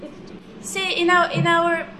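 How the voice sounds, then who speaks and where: A woman teaching a live class on pronunciation, patiently correcting and repeating words slowly and precisely. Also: very high-pitched, little pitch movement, crowd noise.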